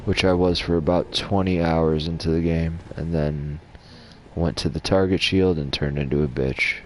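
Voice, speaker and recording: Deep-voiced, swearing gaming commentator. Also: male voice, fairly even intonation, moderate pace, a little hiss or hum. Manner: casual, rambling, heavy swearing. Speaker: gaming channel host. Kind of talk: lore commentary over gameplay.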